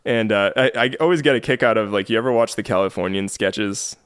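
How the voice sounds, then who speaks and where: A man with a low voice tells a road-trip story on a podcast. He is casual and chatty and laughs often, and the sound is close and dry. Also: brisk, clean tone, dry recording. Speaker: podcast host. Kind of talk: casual chat.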